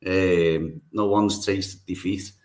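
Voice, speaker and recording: A man's voice: low-pitched, fairly even intonation, a little mellow, low-quality recording. A man hosting a podcast, hesitating often as he sets up the face-off. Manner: hesitant, lots of ums, slow. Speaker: podcast host.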